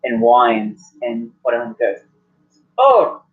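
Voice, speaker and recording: A man's voice: medium pitch, normal speed. Man narrating a tabletop game on a muffled recording. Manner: rambling, many restarts and fillers. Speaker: game master.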